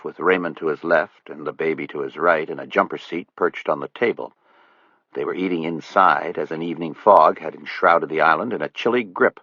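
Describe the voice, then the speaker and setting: Low-voiced male audiobook narrator. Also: breathy edge, no room sound. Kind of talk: scripted narration. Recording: dull lo-fi dry audiobook recording.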